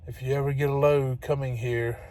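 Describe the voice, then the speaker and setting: A man's voice: mid-range voice, little pitch movement, fairly quick, a little mellow. A man talking casually to his phone camera as a truck-driving vlogger, chatty and exasperated, laughing often. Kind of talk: casual vlog rant. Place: truck cab and loading dock.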